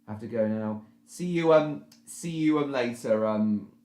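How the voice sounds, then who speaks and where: A man chatting on his live stream, his voice sitting at an ordinary middle pitch. He keeps stopping and restarting his sentences, filling the gaps with ums. The room around him gives everything a noticeable echo. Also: a little mellow. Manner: repetitive, halting, restarts phrases, many ums. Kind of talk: casual live stream chat, reading out viewer comments. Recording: roomy echo.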